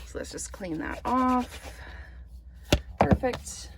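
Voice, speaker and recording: A woman's voice: on the high side, animated, slow pace, very noisy. A woman chatting through a card-making tutorial, thinking aloud as she works. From Canada. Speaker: papercraft demonstrator.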